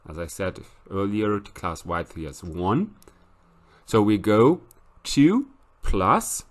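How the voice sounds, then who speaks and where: Male professor, fairly low and expressive, walks through sums methodically. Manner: explains step by step, reads out calculations. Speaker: statistics lecturer. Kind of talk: recorded lecture.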